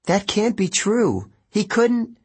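Casting: male narrator playing a defiant teen girl, raised pitch, husky breath, lively swings. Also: slow pace, exaggerated voice. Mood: grieving. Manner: pleading, insistent. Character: distraught, defiant teenage girl.

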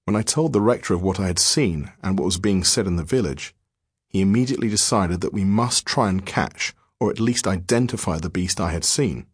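Man, horror story narration, grave, measured, low, husky, dry close mic. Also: dry recording. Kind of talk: scripted narration of a diary-form horror story.

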